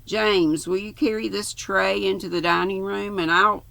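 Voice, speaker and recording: A brisk, capable young woman hands out orders in a bossy way, as an older Southern woman reads her. The voice is gravelly and bright, recorded dry and close. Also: mid-range voice, fairly even intonation, no echo, pitched above the performer's own voice.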